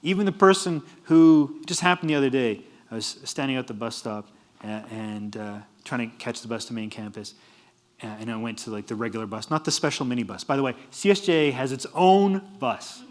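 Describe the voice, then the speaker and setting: A middle-aged man giving a humorous university lecture, animated and laughing at his own jokes. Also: medium pitch, a little fast. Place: lecture hall.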